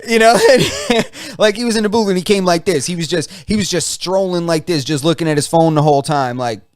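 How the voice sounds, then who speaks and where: Man, podcast co-host, casual chat, animated storyteller, higher voice, dry close sound. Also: brisk, no room sound.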